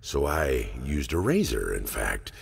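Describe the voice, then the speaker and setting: An actor voicing a tormented, obsessive male painter in a game, narrating in a deep gravelly rasp with slow, brooding delivery. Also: wildly swooping pitch, full character voice. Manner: slow, brooding, measured confession.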